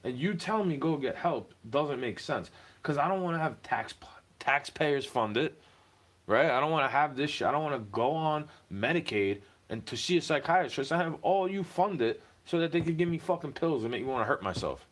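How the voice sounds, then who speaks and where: A man's voice: fairly high pitch, expressive, normal speed. Profane, heated young man ranting to camera. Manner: profane, heated ranting with mocking put-on voices.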